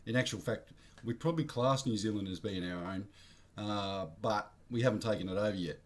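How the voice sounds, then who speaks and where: A man's voice: lowish voice, brisk. Blunt, rambling Australian man. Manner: blunt, rambling, slangy, self-correcting. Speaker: vlogger. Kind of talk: casual opinion monologue.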